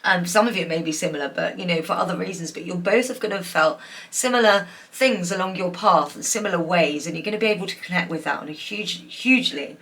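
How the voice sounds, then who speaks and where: A woman's voice: on the low side, quick pace, fairly bright tone. A woman giving a pick-a-card tarot reading, emotional and gushing, with many fillers. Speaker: tarot reader.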